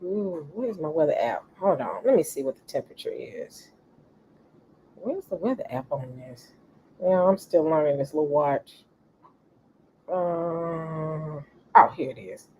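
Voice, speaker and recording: Slow-talking woman hosting a casual livestream. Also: low-pitched, expressive, darkish tone, lo-fi sound, a little hiss or hum. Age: middle-aged. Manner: greets viewers repeatedly, laid-back, coughs now and then. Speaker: livestream host.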